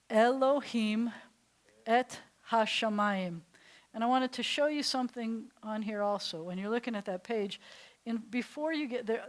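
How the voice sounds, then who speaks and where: Laughing, chatty woman teaching. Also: fairly high pitch. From New York. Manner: chatty and animated, often laughing between points. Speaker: rabbi teaching a Hebrew class. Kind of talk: classroom teaching.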